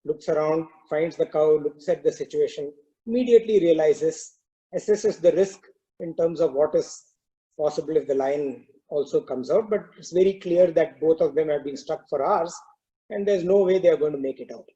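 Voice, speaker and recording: A man giving a spiritual storytelling talk, narrating a parable in a measured, reflective way, often saying "you know". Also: fairly high pitch, dark tone, dull audio. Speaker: spiritual speaker.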